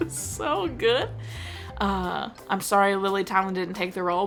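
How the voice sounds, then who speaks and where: A woman's voice: lowish voice, vocal fry, pushed and bright. A woman reviewing a movie in casual chat, enthusiastic and gushing, with lots of "like" fillers. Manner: enthusiastic, gushing, heavy use of "like".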